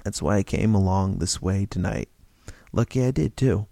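A man voices a cheerful little stranger for a read-aloud story. He sounds calm and knowing and coaxes patiently. The voice is mellow and gravelly with a lively, swooping pitch, recorded dry and close. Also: no room sound. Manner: patient, gently coaxing, with brisk salesman patter.

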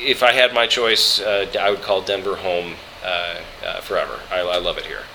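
A man, a voice actor from Colorado, telling travel stories in a relaxed interview, halting with many fillers and restarts. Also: low-pitched, noisy background. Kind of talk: relaxed interview chat, storytelling.

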